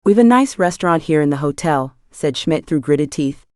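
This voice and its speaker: Schmidt is a wary male hotel manager in an audiobook, stiffly polite and clipped, as a woman reads him. His voice is low and dry. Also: lively intonation, moderate pace, darkish tone, no echo. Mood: strained.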